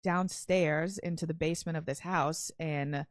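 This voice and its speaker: A woman's voice: low-pitched, fairly even intonation, unhurried, no echo. Young woman rambling through a story, dry sound. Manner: rambling, full of "like" and swearing. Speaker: podcast guest. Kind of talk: casual storytelling.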